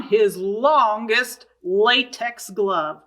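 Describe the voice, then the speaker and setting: A woman librarian with a somewhat high voice reads a picture book aloud to young children. She is slow, sing-song and expressive, asking her listeners questions as she goes.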